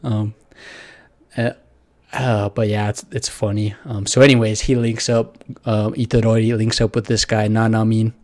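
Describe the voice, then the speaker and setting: A man with a slightly low voice talks through an anime episode in a loose, rambling review. He leans on fillers and restarts, tossing in casual swearing as he goes. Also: little pitch movement, moderate pace, a little mellow.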